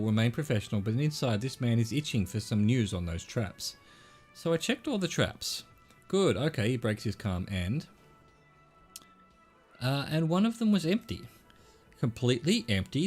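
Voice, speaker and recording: A man's voice: medium pitch, darkish tone. A middle-aged man from Australia reading a narrative game aloud as a streamer, voicing its characters' lines and narration in his own voice with casual asides.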